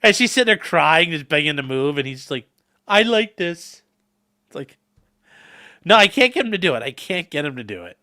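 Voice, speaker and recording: A man's voice: on the high side, very animated, quick pace, few pauses, pushed and bright. A man hosting a livestream, rambling and joking as he reacts to the chat. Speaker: livestream host reading chat. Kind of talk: casual stream chat.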